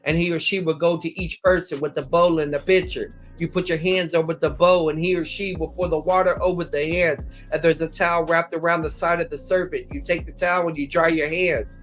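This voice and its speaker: A Bible teacher with a fairly bright, higher-pitched voice gives an explanatory lecture on scripture. He refers to specific verses and paragraphs and sometimes starts words over.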